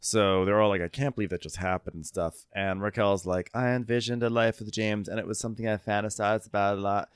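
A man co-hosting a comedy podcast, recapping reality TV with giggles and shrill mock voices for the cast. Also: steady tone, a little fast, hardly any pauses, smooth, no echo, clean studio sound. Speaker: podcast co-host.

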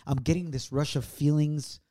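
Man, podcast co-host, mellow earnest storyteller, reflective. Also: steady tone, normal speed. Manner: earnest, reflective, swings from low and quiet to raised. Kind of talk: personal storytelling on a couple's podcast.

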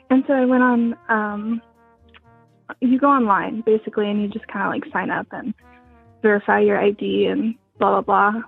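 Breathy young woman, rambling. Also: fairly high pitch. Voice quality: soft, breathy voice. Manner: rambling, many "like" fillers, laughs often. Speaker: guest. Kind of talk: casual interview chat. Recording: tinny phone-like sound.

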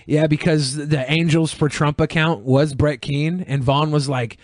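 A man's voice: a little high, fairly even intonation, unhurried, dry recording, studio quality. A man hosting a casual podcast, telling crude, joking stories. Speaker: podcast host.

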